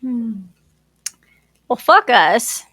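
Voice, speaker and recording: A woman's voice: fairly high pitch, very animated, very slow, pushed and bright, slightly rough, dry recording. Cheeky woman podcast co-host. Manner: playful, cheeky. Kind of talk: casual podcast banter.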